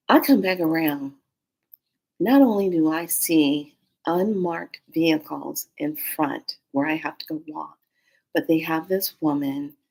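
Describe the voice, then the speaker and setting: A woman vlogger telling a story in a casual, animated, slangy way, acting out every quote. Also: sits low, breathy edge.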